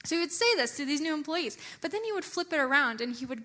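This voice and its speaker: A young adult woman giving a chatty, animated church talk, often using filler words. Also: sits high, fast. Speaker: church speaker.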